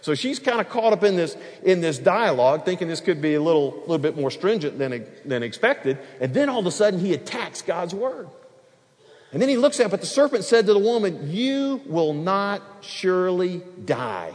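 A man preaching an expository sermon, acting out dialogue and swinging between loud and soft. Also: sits high, brisk. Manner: animated, acts out dialogue, varies loudness. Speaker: pastor. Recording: long hall reverb.

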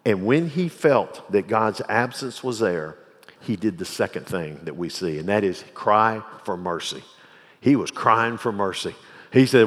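A man preaching a sermon, moving between loud, emphatic peaks and hushed, low passages as he reads scripture and explains it. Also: animated, normal speed. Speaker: pastor. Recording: long hall reverb.

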